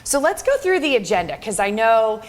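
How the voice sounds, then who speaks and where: A woman's voice: fairly high pitch, big pitch swings, moderate pace. A woman in her thirties presenting a live business workshop, bubbly and encouraging, laughing often. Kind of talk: upbeat live workshop talk.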